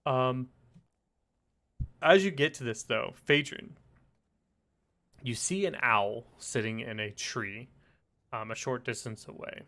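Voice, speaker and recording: A man acting as game master for a tabletop game narrates the scene in a laid-back manner, filling his speech with lots of fillers. His voice is mid-range, and he speaks slowly with frequent pauses.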